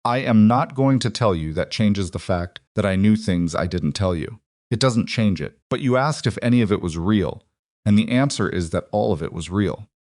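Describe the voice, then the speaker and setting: A man reading the lines of a reserved, careful crime boss, spoken slowly and evenly in his own voice. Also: lowish voice, dry recording, clean studio sound. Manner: slow, even, careful wording.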